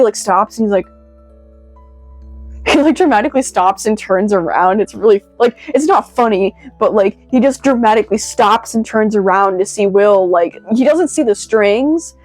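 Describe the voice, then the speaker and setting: A woman's voice: mid-range voice, dry recording. Rambling woman, lots of "like". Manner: rambling, many "like" fillers, excitable. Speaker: video reviewer. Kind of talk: casual commentary.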